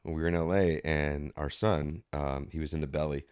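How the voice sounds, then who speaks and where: Brisk and smooth, this man's bass voice holds a steady tone with a slightly mellow quality. He's an actor on a podcast as a guest, reflectively telling stories and voicing the people in them.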